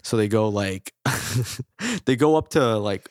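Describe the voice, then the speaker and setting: A man's voice: on the low side, expressive, slow pace, dry recording, clean studio sound. Swearing, rambling male podcast host. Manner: rambling, swears a lot, acts out quotes. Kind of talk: casual chat.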